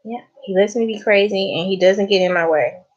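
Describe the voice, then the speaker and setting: A woman's voice: medium pitch, fairly quick, lo-fi sound. A Southern woman chatting casually to her viewers, laughing often and calling them honey. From American South. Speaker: vlogger. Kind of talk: casual chat to camera.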